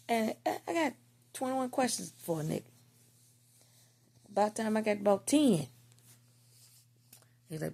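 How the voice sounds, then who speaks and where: A woman's voice: medium pitch, wildly swooping pitch, moderate pace, creaky, pauses often, a little mellow, husky. A woman telling a personal story in a candid, profane, slang-heavy casual monologue.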